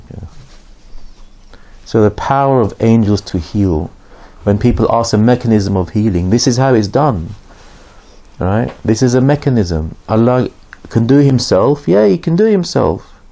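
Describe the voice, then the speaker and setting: Man, religious teacher, gravelly low voice, mellow tone, chatty storytelling, acts out characters. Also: animated, normal speed. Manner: conversational storytelling, acts out dialogue with raised voice. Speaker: Islamic teacher. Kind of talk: informal religious lesson.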